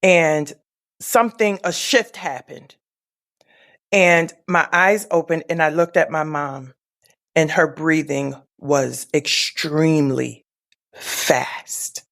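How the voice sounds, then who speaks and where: A woman guest telling a deeply personal story, slowly and tenderly, with soft hushed moments and a reflective manner. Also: fairly even intonation, gravelly. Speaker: podcast guest.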